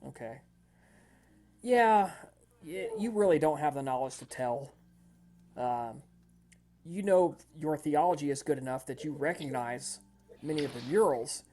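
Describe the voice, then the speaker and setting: A man serves as game master, describing scenes for his players in a loose, rambling way. His voice is mellow and dark in tone, with frequent fillers and restarts. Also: a little high, animated, a little slow, pauses often. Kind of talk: narrating a tabletop game.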